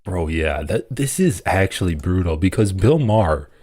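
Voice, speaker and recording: Deep-voiced profane male streamer. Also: moderate pace, no echo. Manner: profane, animated reactions. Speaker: political streamer host. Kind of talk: live stream commentary, reading aloud.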